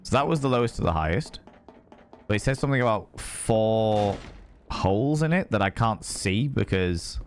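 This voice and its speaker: A man's voice: lowish voice, animated, normal speed, soft background music. A man streaming a horror game, reading notes aloud, swearing and thanking viewers. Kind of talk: casual live gameplay commentary.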